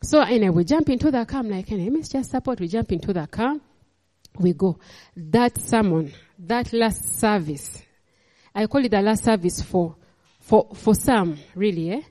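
A middle-aged woman preaching a sermon, animated and laughing as she tells stories from her own life. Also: medium pitch, normal speed, long reverb tail. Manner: animated, laughing, code-switching storyteller.

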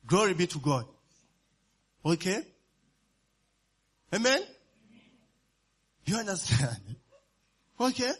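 A high-pitched, husky man preaches in a sermon style. His pitch swings widely as he checks in with his listeners and chuckles between points. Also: big pitch swings, takes it slowly, pauses often, a bit bright. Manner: call-and-response asides, often asks "you understand?" and "eh?", laughs while preaching.

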